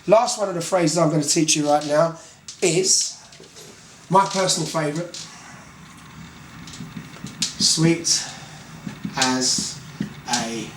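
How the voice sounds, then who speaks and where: A man with a Cockney London accent teaches slang in a relaxed, chatty lesson, speaking in slow, deliberate words and frequently checking in with "okay." His voice is on the high side, in a roomy space with background noise.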